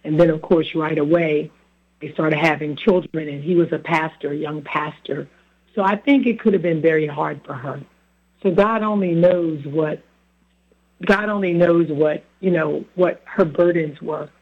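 A man's voice: on the high side, moderate pace. A man with a sore throat, a guest in a casual chat, earnestly telling family stories. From Philadelphia. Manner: storytelling, earnest. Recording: phone-like line.

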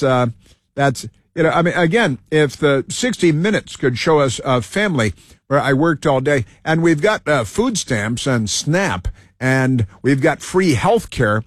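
A radio talk show host with a medium-pitched voice delivers a rambling opinion monologue, wandering off topic, tripping over his words, repeating himself and using plenty of fillers. The sound is clean studio audio with no room tone.

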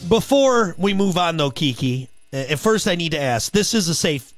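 A man co-hosting a radio show, telling a story in casual comedic banter, halting and full of fillers and restarts. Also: on the high side, sing-song, faint music behind.

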